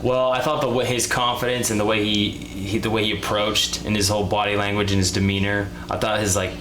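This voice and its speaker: Halting man in an echoey room. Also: fairly low pitch, level tone. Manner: halting, searches for words. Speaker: co-host. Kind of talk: casual reaction commentary. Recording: roomy echo with faint hum.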